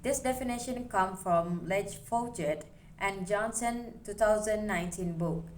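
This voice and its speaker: A woman's voice: mid-range voice, a little slow, slight background noise. A young woman student giving a recorded class presentation, explaining steadily as she reads through her slides.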